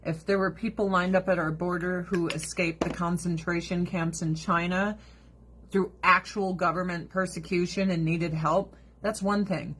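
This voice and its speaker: A woman's voice: on the low side, steady tone, normal speed, a bit bright, a little hiss or hum. A woman chatting casually to camera in a blunt, profane way. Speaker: vlogger. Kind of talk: casual chat.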